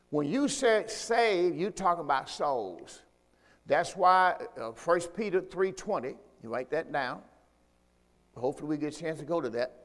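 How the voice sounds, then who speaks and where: A male pastor with a high, lifted, slightly bright voice preaches a church sermon, driving his points home through repetition and emphasis. In call-and-response style, he asks the congregation to repeat phrases after him, his voice ringing out in a long hall reverb.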